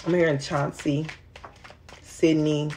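A woman's voice: sits low, little pitch movement, slow pace, darkish tone, a little hiss or hum. A woman giving a casual tarot reading, chatty and rambling, talking straight to her viewers in an informal, slangy way. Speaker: tarot reader.

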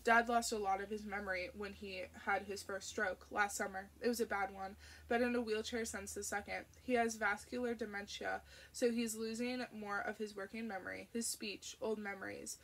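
A gentle, jokey middle-aged father, read by a woman narrator in an audiobook. The voice sits near her own middle pitch with a gravelly grain. He talks softly and soothingly. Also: fairly even intonation, moderate pace. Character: warm, joking middle-aged dad.

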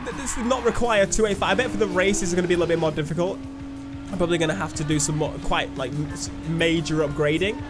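Chatty lad commenting on gameplay. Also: male voice, fairly high pitch, fast. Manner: chatty, self-mocking. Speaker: gaming YouTuber. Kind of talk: let's-play commentary. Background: game music.

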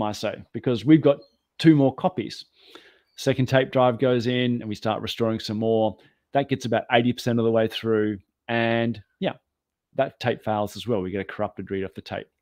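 A man who is the guest on a talk show, telling an animated, self-deprecating story. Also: medium pitch, no room sound. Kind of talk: anecdotal storytelling.

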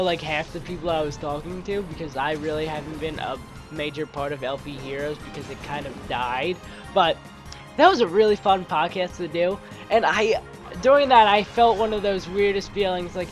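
A man with a sore throat giving chatty, rambling let's play commentary, restarting sentences and poking fun at himself. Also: high voice.

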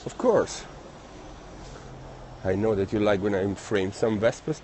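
Italian guy live streaming on his phone while walking around town, friendly and chatty, kinda halting english, a bit of faint street noise. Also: lowish voice, lively intonation, warm tone. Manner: friendly, chatty, halting non-native phrasing. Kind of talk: casual live-stream chat, reading viewer comments. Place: outdoors on city streets, walking.

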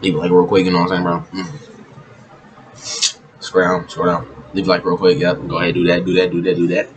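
A man's voice: deep voice, completely flat delivery, brisk, muffled recording, a little hiss or hum. A man hosting a reaction channel, chatting casually with frequent "bro" and laughter. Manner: laid-back, says "bro" constantly, laughing asides.

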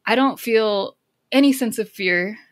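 A woman guest on a podcast, a counselor and author, talking reflectively with many "like" fillers and bursts of excited emphasis. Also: on the high side, a little slow, no room sound, clean studio sound. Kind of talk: casual podcast conversation.

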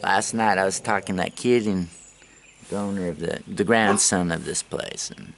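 A man's voice: sits low, normal speed, gravelly, slight background noise. A man vlogging on his travels, telling loose, rambling stories to the camera with plenty of swearing and laughter at his own tales. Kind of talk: casual storytelling to camera.

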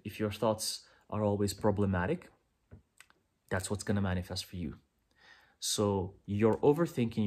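A man giving a pick-a-pile tarot reading, speaking earnestly and directly to the listener, often repeating himself. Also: on the low side. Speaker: tarot reader.

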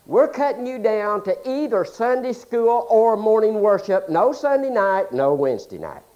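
Pastor, male, folksy and joking, voice leaps up and drops to near-hush, very animated pitch. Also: normal speed, dull audio. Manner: folksy, joking, swings between loud and hushed. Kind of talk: humorous sermon.

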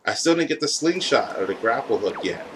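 A man's voice: mid-range voice, very animated, fairly quick. A young man giving casual, profane, joking commentary while playing a video game at home. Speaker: gaming YouTuber. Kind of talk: casual let's-play commentary. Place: hot room at home with window closed. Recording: loud game music underneath.

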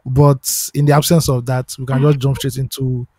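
A Nigerian man co-hosting a podcast in relaxed, chatty talk, slipping into pidgin now and then. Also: medium pitch, moderate pace, breathy edge, dry recording. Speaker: podcast co-host. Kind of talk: casual chat.

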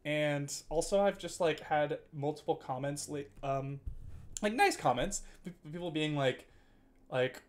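A man's voice: fairly high pitch, moderate pace. A man in his twenties chatting casually on a live stream, rambling and teasing his chat with frequent laughs and filler words. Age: 20s.

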